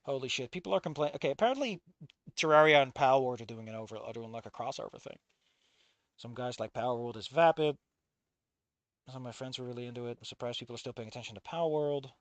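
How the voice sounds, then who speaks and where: A streamer reading a visual novel aloud in casual commentary, swearing often and swinging from low muttering to loud outbursts. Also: fast talker, no room sound. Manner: swears a lot, rants and self-mocks.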